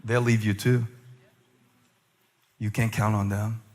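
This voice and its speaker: A male pastor in his forties preaching a sermon, moving between loud preaching and quiet, low asides, confessional and self-mocking. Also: little pitch movement, slow, in a large hall. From United States. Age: 40s.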